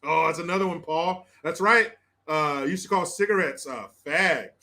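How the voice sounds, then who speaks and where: American guy on a live stream, swearing and cracking up at the chat, pretty high voice. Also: moderate pace, bright, forceful tone. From United States. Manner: crude, laughing, mocking banter. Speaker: host. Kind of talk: livestream reading chat comments.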